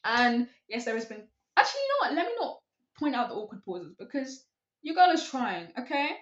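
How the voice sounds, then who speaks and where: A young woman chats to her camera, giving advice in a loose, rambling way and poking fun at herself. Her voice sits a little high. The sound is dull and lo-fi, with a roomy echo. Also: very animated, brisk. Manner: chatty, rambling, self-deprecating. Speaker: vlogger. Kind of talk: casual talking-to-camera advice.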